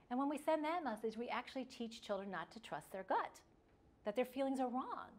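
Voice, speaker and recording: A woman's voice: a little high, expressive, fairly quick. A middle-aged woman giving an instructional talk on parenting, chatty, with fillers and restarts. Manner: conversational, many fillers and restarts. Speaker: parenting educator.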